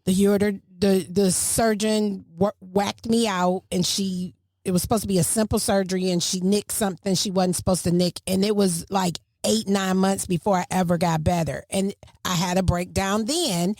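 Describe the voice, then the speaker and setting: A middle-aged woman hosting a casual family podcast, telling a story with lively, swinging emphasis. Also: normal speed, few pauses, no room sound, studio quality. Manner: animated, storytelling, swings pitch widely for emphasis. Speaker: podcast host.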